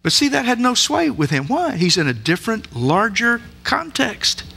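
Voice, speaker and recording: A man's voice: high voice, very animated, brisk, creaky, bright, forceful tone, faint music behind. A man preaching a sermon in a church, emphatic and full of rhetorical questions. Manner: emphatic, asks the listeners many rhetorical questions. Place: church sanctuary.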